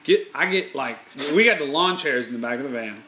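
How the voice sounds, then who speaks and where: A man's voice: mid-range voice, brisk, reverberant, a little hiss or hum. A man telling a rowdy story in casual chat, swearing a lot and acting out what people said. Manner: animated, profane, acts out quotes. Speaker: podcast host telling a story.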